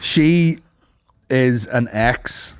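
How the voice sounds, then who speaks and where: A man's voice: mid-range voice, extremely slow, clean tone, no echo, studio quality. A young man hosting a podcast, chatting casually and telling stories full of swearing. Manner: animated, sweary storyteller. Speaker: podcast host. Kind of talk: casual chat.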